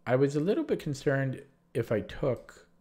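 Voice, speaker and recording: A man feeling ill with a sore throat rambles through a casual recap of his chess games on a livestream, frequently restarting sentences. His mid-range voice is very animated and dark in tone, delivered at a moderate pace.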